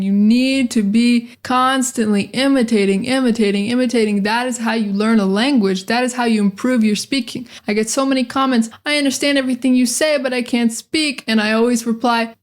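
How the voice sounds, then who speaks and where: A young American woman leads a pronunciation lesson with a fairly high voice. She drills each phrase by saying it again and again, direct and energetic. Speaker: English pronunciation teacher.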